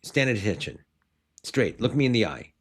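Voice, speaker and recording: A man who owns martial arts schools, coaching other owners on a podcast in an animated, rambling way and often restarting his sentences. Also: fairly low pitch, moderate pace, husky.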